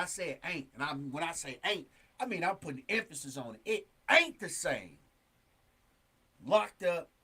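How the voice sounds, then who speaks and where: Man, talk show host, high voice, emphatic, casual street talk. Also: fairly bright tone. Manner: earnest, emphatic street talk with many "you know what I'm saying". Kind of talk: casual advice monologue.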